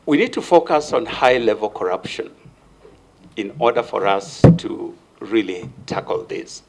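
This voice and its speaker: A man's voice: lowish voice, expressive, unhurried, gravelly, poor audio. An older man with a Kenyan English accent, giving emphatic, preacherly testimony at a parliamentary vetting and repeating his key words. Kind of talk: formal testimony before a committee.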